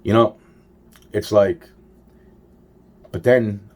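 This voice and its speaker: Low-voiced man ranting and swearing. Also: measured pace, pauses often, darkish tone. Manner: heavy swearing, rambling, exasperated; trails off with repeated sighs of "wow". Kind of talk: rambling personal monologue.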